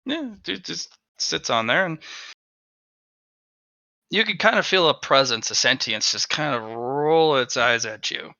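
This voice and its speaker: Game master, man, lively and gravelly, dull dry lo-fi audio. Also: mid-range voice, measured pace, no room sound. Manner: animated, restarts while explaining rules. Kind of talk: narrating a tabletop game.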